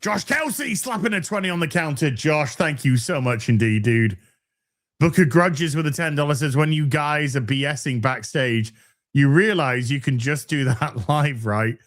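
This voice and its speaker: A man's voice: a little high, moderate pace. A man co-hosting a casual online talk show, reading viewer donations aloud with lots of laughs and swearing. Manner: animated, swearing, laughing often. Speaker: podcast co-host reading superchats. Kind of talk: casual chat.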